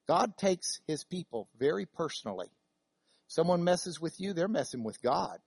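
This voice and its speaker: A woman's voice: on the low side, expressive, normal speed, creaky, a little mellow, husky, no echo. A woman teaching a Bible class in a classroom, chatty and digressive, with many fillers and restarts. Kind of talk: classroom lecture.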